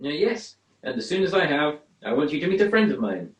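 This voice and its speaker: A man's voice: fairly high pitch, sing-song, a little fast, lo-fi sound. An actor playing an earnest, loyal male doctor in a radio drama, eager and slightly flustered. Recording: roomy home recording.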